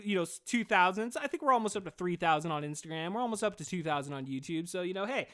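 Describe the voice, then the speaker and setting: Guy rambling on his solo podcast, swears nonstop, says dude every other line, kinda high voice. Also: big pitch swings, fast talker, hardly any pauses, sharp tone. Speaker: podcast host. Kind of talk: casual solo podcast monologue.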